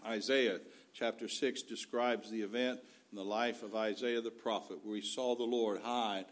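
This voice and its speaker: A man's voice: fairly low pitch, steady tone, normal speed. A man preaching a sermon in an earnest, folksy way, weaving in scripture.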